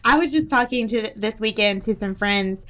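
A woman's voice: mid-range voice, normal speed, fairly bright tone. A woman with a Southern American accent, co-hosting a podcast in a friendly, casual way. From Southeast United States. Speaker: podcast co-host. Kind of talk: casual chat.

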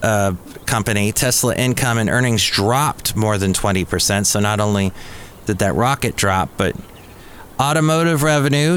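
A man's voice: mid-range voice, fairly bright tone, a little hiss or hum. A man hosting a podcast, talking through the week's news in a casual, conversational way. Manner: chatty, conversational storytelling. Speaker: podcast host. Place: cafe.

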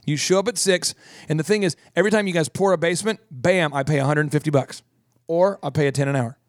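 Male podcast host, slightly high voice, dry and close studio sound, jokey storyteller. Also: quick pace, dry recording. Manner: animated, jokey, does voices. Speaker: podcast host, business coach. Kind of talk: casual storytelling chat.

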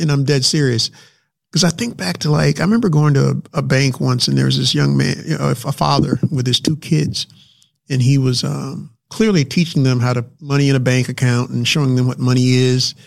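A man's voice: medium pitch, fairly even intonation, brisk, gravelly. A man speaking earnestly in a casual local talk, emotional and often repeating his words. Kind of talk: casual chat.

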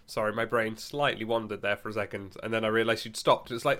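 A man co-hosting a podcast in casual chat, giggly and quick to laugh, and a bit unwell. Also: lowish voice, fairly even intonation, fairly bright tone. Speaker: podcast co-host.

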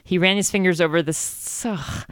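A woman's voice: on the low side, steady tone, moderate pace, background noise. A woman co-hosting a comedy podcast, reading text aloud while giggling, groaning in mock disgust and breaking off to joke. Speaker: podcast co-host. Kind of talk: comic read-aloud of fan fiction.

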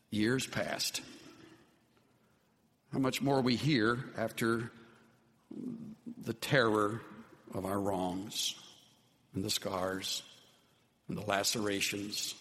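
A man preaching a sermon as pastor, earnest in tone and often dropping to soft, low words for emphasis. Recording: long hall reverb.

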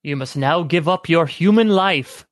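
A man reading the part of a grave old temple monk, speaking slowly and solemnly. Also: a little high, no room sound, clean studio sound, lightly acted. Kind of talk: reading a story aloud with friends.

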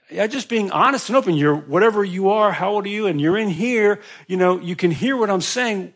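Guy preaching a sermon, kinda high voice, gets loud and emphatic, repeats himself a lot. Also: expressive, brisk, vocal fry, few pauses. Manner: emphatic, rising in pitch and volume for emphasis; repeats words and restarts phrases. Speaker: pastor.

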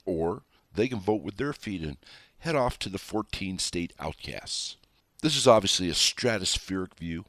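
A man's voice: low-pitched, no echo. A middle-aged man delivering an emphatic, scornful political opinion monologue, full of rhetorical questions. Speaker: political commentator.

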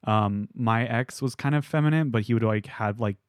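Young male guest, mid pitch, dry mic, rambling loose chat. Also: normal speed, dry recording. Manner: rambling, many "like" fillers. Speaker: podcast guest. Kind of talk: casual chat.

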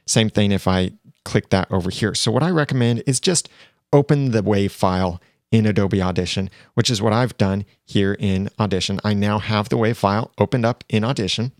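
A man teaching video editing software in a plain, step-by-step way, recorded on a lavalier mic. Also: on the low side, dry recording, clean studio sound. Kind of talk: screen-recorded software tutorial.

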